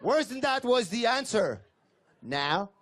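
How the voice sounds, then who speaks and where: A man's voice: high-pitched, animated, moderate pace. A man with a French accent doing stand-up comedy, telling self-deprecating stories in a wry way. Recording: noisy club recording.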